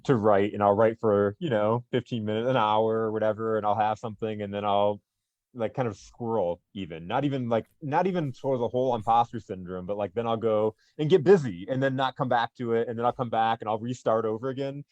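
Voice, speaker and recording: A man co-hosting an interview show, effusive in his reactions and quick to laugh. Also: on the low side, a little mellow, no echo, highs cut off. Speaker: co-host. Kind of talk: casual interview chat.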